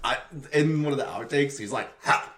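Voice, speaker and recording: A man's voice: medium pitch, brisk, reverberant, heavy background noise. A man co-hosting a movie review podcast, chatting casually, laughing often and playfully quoting scenes. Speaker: podcast co-host.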